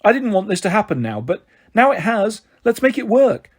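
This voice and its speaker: A man voicing a casual, evasive father who left his family, breezy and offhand, with a husky voice. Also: sits high, very animated, normal speed, voice pushed up, exaggerated voice. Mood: jolly. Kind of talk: audiobook character voice.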